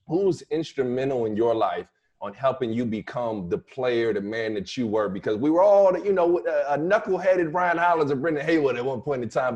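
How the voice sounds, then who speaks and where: A man co-hosting a podcast, asking a guest questions in a relaxed, joking way. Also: mid-range voice, muffled recording. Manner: relaxed interviewer, joking asides. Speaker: podcast co-host, former player. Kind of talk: casual podcast chat.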